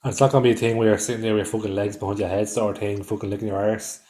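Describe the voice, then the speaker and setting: A man's voice: on the low side, flat delivery, very fast, dark tone, slight background noise. A man with an Irish accent, co-hosting a podcast in casual chat, blunt and swearing often. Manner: blunt, swears often, loses his thread. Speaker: podcast co-host.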